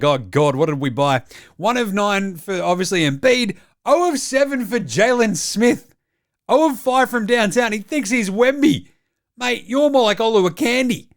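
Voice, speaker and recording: An Australian man hosting comedic sports highlights, with cheeky, mocking banter. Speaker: host.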